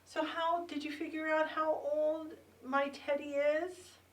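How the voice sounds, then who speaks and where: A woman in her fifties, a bilingual teacher leading a lesson for young children, drawing out words slowly and prompting them to repeat after her. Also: high voice, level tone. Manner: slow, drawn-out words with call-and-response prompts. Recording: roomy echo, mic set far off.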